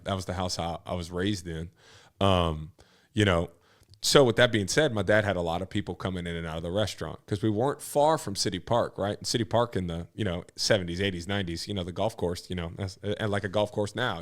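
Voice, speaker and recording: High-energy New man, low voice. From New Orleans. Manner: high-energy, high-strung, slangy. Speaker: TV personality, interview guest. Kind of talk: casual interview chat.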